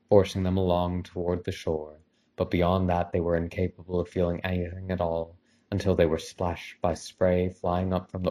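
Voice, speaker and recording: A man narrating a novel in a measured, even audiobook reading. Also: sits low.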